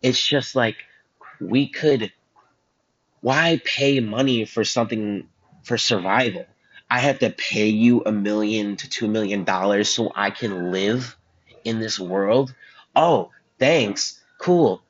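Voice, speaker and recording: A teenage boy hosts a podcast on his own, going off on tangents and joking at his own expense. His voice sits low. The school-room recording sounds muffled and lo-fi. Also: slow pace. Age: teens. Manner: joking, self-deprecating, goes off on tangents. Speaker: student podcast host. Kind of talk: rambling solo podcast chat.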